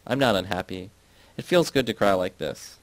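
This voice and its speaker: A man reading the part of a devoted young daughter who speaks softly and pleads. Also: on the low side, normal speed, dry recording, close to an everyday voice. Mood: pleading.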